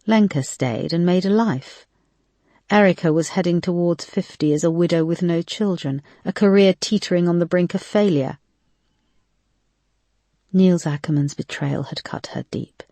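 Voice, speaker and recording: A woman narrating a mystery thriller novel in a steady, measured reading. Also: deep voice, no echo. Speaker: audiobook narrator.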